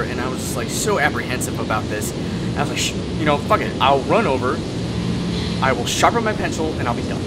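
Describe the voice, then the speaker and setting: Man, casual storyteller, filler-heavy, slightly high voice, loud background hum. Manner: animated, rambling with many fillers. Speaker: podcast co-host. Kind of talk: casual storytelling over a call. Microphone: call headset or desk mic.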